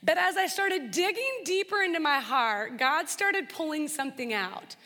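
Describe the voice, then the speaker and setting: A woman's voice: sits high, expressive, moderate pace, bright, forceful tone, in a large hall. A young adult woman giving an earnest, conversational faith talk, acting out prayers as she teaches. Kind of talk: sermon-style teaching talk.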